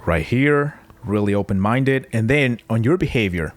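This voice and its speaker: A man's voice: mid-range voice, lively intonation, moderate pace, no room sound. A man working as a behavior analyst, explaining someone's test results in conversation and often affirming with "yeah".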